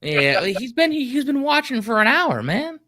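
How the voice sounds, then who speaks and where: Male streamer, lively pitch, bright tone, rambling and profane. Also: moderate pace. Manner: rambling, profane, easily sidetracked. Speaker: livestream host. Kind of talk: casual livestream commentary.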